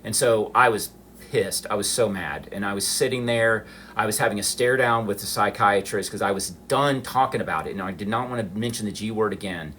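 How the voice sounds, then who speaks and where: A middle-aged man telling a personal story on a livestream, emotional and halting, restarting his sentences. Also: lowish voice, fairly bright tone, slight background noise. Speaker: livestream host.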